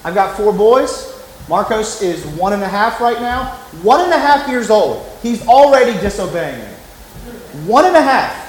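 A man's voice: sits high, big pitch swings, a little slow, echoey room, a little hiss or hum, low-quality recording. A man preaching a sermon as pastor, emphatic and conversational, often acting out the voices he quotes.

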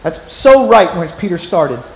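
A man's voice: high voice, sing-song, measured pace, roomy sound, low-quality recording. A man preaching a sermon as pastor, emphatic and conversational, often acting out the voices he quotes.

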